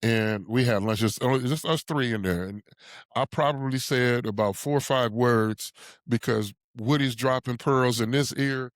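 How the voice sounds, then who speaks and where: A man in his sixties tells stories as a podcast guest, speaking at an ordinary middle pitch into a close mic. The room adds almost no echo, so the sound is dry and near. He is an animated storyteller who chuckles often. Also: moderate pace. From Ohio. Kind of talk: conversational storytelling.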